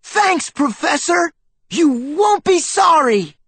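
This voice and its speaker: A man voicing an eager young boy mouse, squeaky and thrilled, in an audiobook. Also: huge pitch swings, measured pace, fairly bright tone, no room sound, exaggerated voice. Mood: excited.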